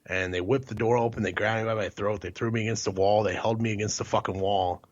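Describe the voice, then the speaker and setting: A man's voice: lowish voice, fairly even intonation, fast, muffled recording. A man from Ohio co-hosting a podcast, telling rambling, profane stories and laughing through them. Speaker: podcast co-host. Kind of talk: crude casual storytelling.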